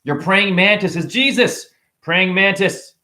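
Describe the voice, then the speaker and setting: A man giving a rambling spiritual monologue to camera, animated and preachy, joking, exclaiming and swearing casually. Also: high voice, measured pace. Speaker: spiritual vlogger.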